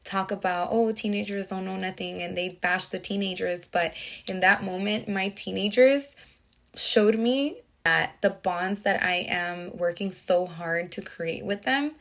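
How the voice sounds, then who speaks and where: A young adult woman, a teacher, earnestly telling a personal story with many restarts and reflective pauses. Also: medium pitch, vocal fry, fairly bright tone.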